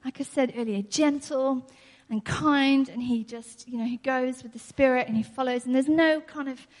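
A woman's voice: sits high, normal speed, a little mellow. A woman preaching a sermon in an earnest way, repeating her key phrases and laughing often. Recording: long hall reverb.

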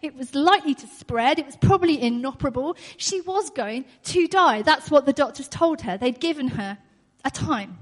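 High-voiced woman preaching in a reverberant hall. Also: expressive, normal speed, few pauses. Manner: earnest, repeats key phrases, laughs often. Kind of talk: sermon.

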